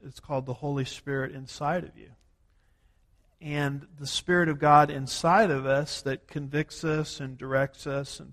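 A man from the United States preaching a sermon as a pastor, working through numbered points and slowing down to stress key words. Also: on the high side, a bit bright. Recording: long hall reverb.

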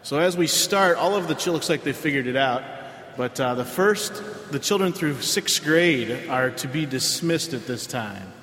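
Pastor in an echoing hall. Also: male voice, mid-range voice, lively intonation, fairly bright tone. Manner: conversational, with frequent filler pauses. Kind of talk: sermon. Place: church sanctuary. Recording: roomy hall with long reverb.

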